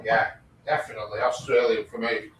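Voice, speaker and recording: A British man chatting casually with a mid-range voice. He is blunt and opinionated, giving his views flatly and swearing as he talks. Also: medium pitch, brisk, a crowd in the background. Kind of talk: casual chat.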